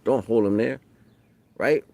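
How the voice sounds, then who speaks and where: A middle-aged man giving a casual spiritual monologue in street slang, cursing freely and jumping loud when he acts out other people. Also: mid-range voice, measured pace, gravelly. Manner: street slang, loose and profane, rises loud for quoted voices. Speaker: spiritual talk streamer.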